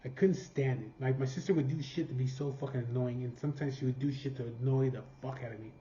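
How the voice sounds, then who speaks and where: Dude from california rambling a story, swears a ton, kinda dull roomy audio. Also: male voice, mid-range voice, steady tone, fast talker, mellow. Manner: profane, rambling, laughing at his own story. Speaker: vlogger. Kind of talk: casual storytelling. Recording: roomy, slightly dull sound.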